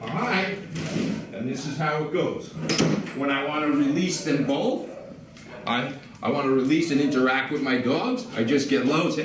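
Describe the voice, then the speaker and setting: Man, dog trainer, calm instructional demonstration, somewhat high voice, far from mic, noisy background. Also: moderate pace. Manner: calm, explains while giving commands to dogs. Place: indoors at a house. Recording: roomy, distant mic with background noise.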